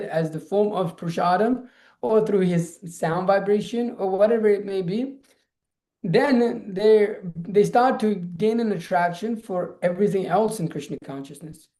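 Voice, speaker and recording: A man's voice: high voice, normal speed, warm tone. A man speaking casually in a scripture class, rambling with many restarts. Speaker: lecturer on scripture. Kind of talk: informal scripture class talk.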